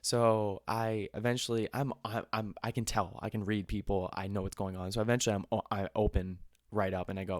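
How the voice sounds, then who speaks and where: A young man tells a rambling story, full of swearing and restarts. His voice sits low, and the sound is dry and close, with no room around it. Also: level tone, a little fast, few pauses, no room sound. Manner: rambling, profane, laid-back storytelling. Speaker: podcast host. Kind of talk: casual storytelling.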